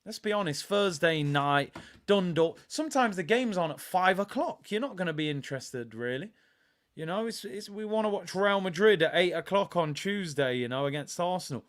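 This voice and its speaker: A young man hosts a live football watch-along, talking casually to his viewers. His voice sits a little high for a man. He swings from relaxed chat into loud, excitable reactions. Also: normal speed.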